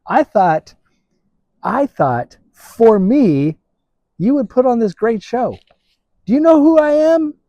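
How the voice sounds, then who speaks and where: A man voicing an arrogant male army commander who is loudly affronted and boastful. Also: very high-pitched, very animated, slow, pauses often, no echo, highs cut off, pitched above the performer's own voice, full character voice. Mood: indignant.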